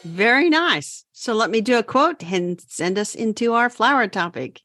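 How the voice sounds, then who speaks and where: A woman's voice: on the high side, animated, fairly bright tone, soft background music. A woman co-hosting a gardening podcast, chatting casually and running through her week's garden chores. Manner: chatty, brisk gardening updates. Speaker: podcast co-host. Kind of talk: casual chat.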